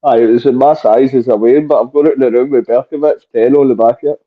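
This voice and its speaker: A man's voice: mid-range voice, fairly even intonation, fast. A Scottish man co-hosting a football podcast, laid-back, with short replies. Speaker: podcast co-host. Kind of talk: casual podcast chat. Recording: tinny phone-like call audio.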